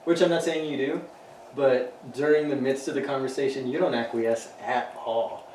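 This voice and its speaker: Cursing podcast host in an echoey room. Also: male voice, mid-range voice, normal speed. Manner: profane, laughing, animated banter. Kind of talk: casual chat. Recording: echoey room, mic at a distance, faint hiss.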